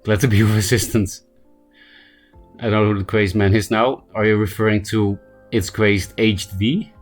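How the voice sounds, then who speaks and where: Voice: mid-range voice, fairly even intonation, moderate pace, soft background music. A game streamer chatting casually with viewers, self-mocking and repeatedly breaking into helpless laughter. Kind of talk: casual live-stream chat.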